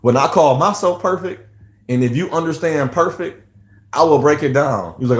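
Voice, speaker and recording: A man's voice: fairly high pitch, lively intonation, fairly quick, reverberant. A man talking about parenting in a rambling, preachy monologue full of restarts. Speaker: vlogger. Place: outdoors near lawnmower noise.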